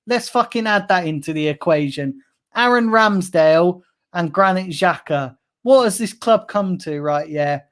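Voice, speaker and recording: A man's voice: high-pitched, expressive, unhurried, fairly bright tone. A young man hosting a fan channel, ranting on a livestream, angry, sarcastic and swearing constantly. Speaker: football fan channel host. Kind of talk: live-streamed fan rant.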